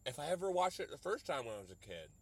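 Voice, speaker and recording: A young adult man hosting a solo podcast, rambling and profane as he riffs, slipping into quick mock voices to quote people. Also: on the high side, big pitch swings. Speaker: podcast host. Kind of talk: solo comedic podcast rant.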